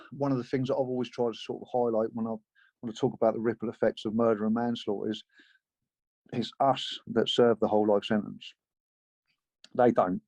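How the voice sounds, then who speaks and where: A man talking as a guest in an interview, telling his story in a measured, sober way. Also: mid-range voice, darkish tone, dry recording. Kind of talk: interview conversation. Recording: dull lo-fi sound.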